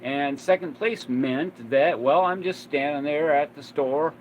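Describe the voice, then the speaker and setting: A man's voice: on the high side, unhurried, hardly any pauses, a little hiss or hum, poor audio. A man in his fifties casually telling old stories, rambling with lots of fillers and restarts. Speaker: vlogger. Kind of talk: casual storytelling.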